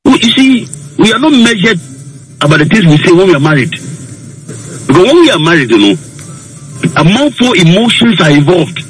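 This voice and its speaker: A man with a fairly high voice and very lively pitch gives earnest marriage advice as a radio counselor. He swings between English and Twi in a preachy, emphatic way, with faint music behind him. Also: moderate pace, long pauses, low-quality recording. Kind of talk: radio talk show advice.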